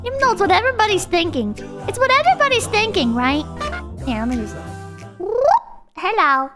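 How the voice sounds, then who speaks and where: A woman's voice: extremely high pitch, big pitch swings, fast talker, music in the background. A young woman streamer chatting casually and ranting, swearing and mock-quoting people. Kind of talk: casual livestream chat.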